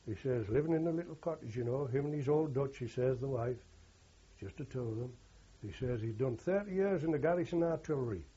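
A man's voice: mid-range voice, lively intonation, brisk, warm tone, husky. An older man, a war veteran telling rambling oral history anecdotes and quoting others with "he says". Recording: dull lo-fi recording.

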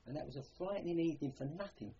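A man's voice: a little high, racing, mellow, highs cut off, a little hiss or hum. An older man with a Cockney accent, recalling his war service in a rambling, plain-spoken way, often adding "you know". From London. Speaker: war veteran interviewee. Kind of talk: oral history recollection.

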